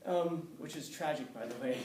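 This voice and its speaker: A man's voice: on the high side, normal speed, a little mellow. A male college professor telling a candid, conversational story to his class, swearing and chuckling now and then. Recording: roomy, distant, faint background hiss.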